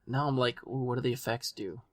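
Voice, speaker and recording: A man's voice: mid-range voice, brisk, no room sound, studio quality. A man hosting a podcast in casual banter, self-deprecating and laughing easily. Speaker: podcast host.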